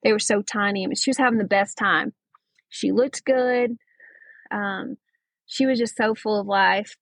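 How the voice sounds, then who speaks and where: A woman's voice: mid-range voice, fairly even intonation, normal speed, vocal fry, no echo, low-quality recording. Podcast guest, young woman, earnest personal storytelling, dry recording. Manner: earnest, emotional retelling with quoted dialogue.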